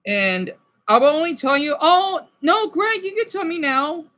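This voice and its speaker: Bright-voiced man rambling on a livestream. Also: very high-pitched, sing-song, low-quality recording. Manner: rambling, halting, with many restarts; sympathetic and emotional. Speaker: livestreamer reading chat. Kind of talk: casual livestream chat.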